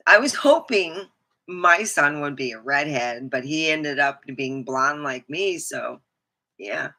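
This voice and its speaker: A woman hosting her own livestream, talking slowly and wandering from one thought to the next. Her voice is bright and a little sharp, and her speech is frank and peppered with casual curses. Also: sits low, lively intonation. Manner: rambling, frank and profane. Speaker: host.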